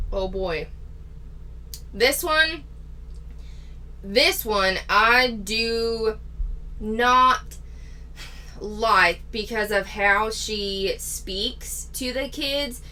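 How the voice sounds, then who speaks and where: A woman's voice: medium pitch, extremely slow, pauses often, bright, forceful tone. A woman hosting a reaction commentary, talking in a candid, critical and sarcastic way. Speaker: commentary channel host.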